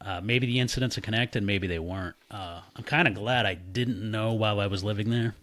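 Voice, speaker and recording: A man casually telling a story, animated and swearing freely while he acts out the voices of the people in it. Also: fairly low pitch, fairly quick. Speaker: podcast guest.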